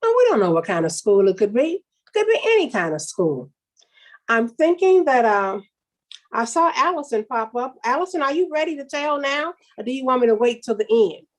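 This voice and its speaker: A woman hosts a virtual storytelling event, her fairly high voice rising and falling a lot as she warmly brings on the next teller. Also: very animated, normal speed. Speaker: story slam host.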